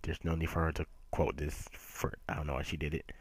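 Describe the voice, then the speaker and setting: A man giving a casual manga chapter review, animated and emphatic, laughing often. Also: extremely low pitch, fairly quick, breathy edge, no room sound.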